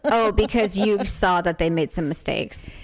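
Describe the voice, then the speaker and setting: A woman's voice: mid-range voice, a little slow. A woman co-hosting in casual chat, giving blunt, wry reactions.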